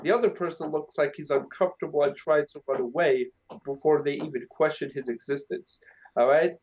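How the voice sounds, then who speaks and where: A man's voice: a little high, fairly quick, a little mellow, slightly rough, highs cut off. A young man co-hosting a meme podcast, joking crudely and rambling in casual chat over a voice call. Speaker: podcast co-host.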